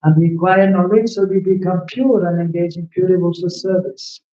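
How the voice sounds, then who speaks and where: Animated high-voiced man lecturing scripture. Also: fairly quick. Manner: animated storyteller acting out quoted lines. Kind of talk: devotional scripture lecture with storytelling. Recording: echoey room, dull lo-fi sound.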